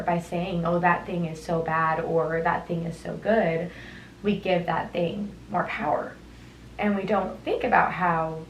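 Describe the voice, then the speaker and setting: A young woman with a slightly low voice for a woman thinks aloud on her own solo podcast, unhurried and reflective, drifting into tangents and laughing softly. She wears headphones and uses a studio-style mic, but the room echoes around her and a faint hiss runs under the rough recording.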